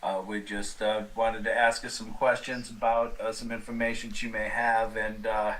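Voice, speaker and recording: A man voicing an earnest male paranormal investigator in a horror tabletop game, halting and stammering as he speaks. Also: on the low side, little pitch movement, fairly bright tone, pitched below the performer's own voice, natural voice, poor audio. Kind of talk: horror tabletop role-play.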